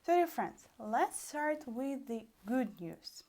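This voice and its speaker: A young woman with a Russian accent teaching a language lesson online, animated and often calling out to her dear friends. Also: fairly high pitch. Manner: animated, repeats "dear friends", stretches out examples slowly.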